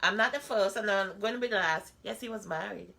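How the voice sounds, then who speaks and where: A woman's voice: medium pitch, fairly quick, creaky, pushed and bright. A woman, talking bluntly and candidly in a personal vlog monologue, full of rhetorical asides. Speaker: vlogger.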